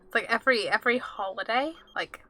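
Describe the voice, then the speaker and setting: A woman's voice: on the high side, fairly quick, bright, forceful tone. A young woman streaming a game, chatting casually with viewers, giggling and reading game text and chat aloud.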